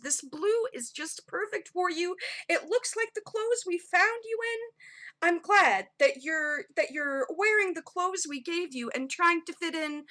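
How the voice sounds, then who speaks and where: Woman putting on a bubbly god father, high and loud, totally gushing over his kid in a tabletop game. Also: full character voice. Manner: gushing, affectionate. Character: doting cheerful male god father.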